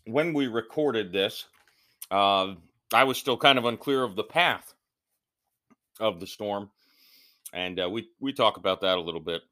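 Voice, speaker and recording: Male podcast host, low voice, casual solo chat, rambling and self-deprecating. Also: a little slow, long pauses, bright, forceful tone.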